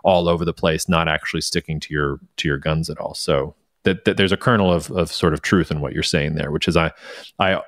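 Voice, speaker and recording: Guy cohosting a podcast, really low voice, dry close sound, lots of restarts. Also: fairly even intonation, a little fast, fairly bright tone, no echo. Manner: hedging, thinks aloud with many restarts. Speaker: podcast co-host. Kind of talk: casual podcast chat.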